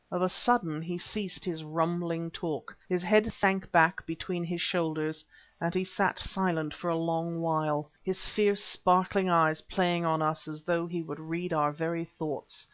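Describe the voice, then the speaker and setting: A man narrating an adventure audiobook in a measured, first-person storytelling manner. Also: fairly high pitch, fairly even intonation. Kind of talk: scripted narration. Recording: dull lo-fi recording.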